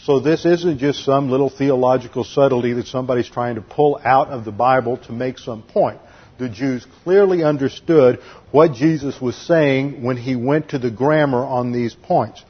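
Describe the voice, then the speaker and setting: A man's voice: medium pitch, normal speed, slightly rough, highs cut off. A man teaching a methodical expository sermon, listing numbered points and spelling out words. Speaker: Bible teacher.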